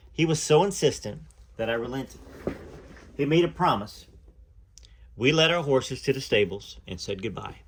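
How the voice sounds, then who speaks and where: A man narrating a book aloud at a measured pace, telling the story in the first person. He sometimes breaks off to add his own comments between passages. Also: medium pitch, animated, slightly rough.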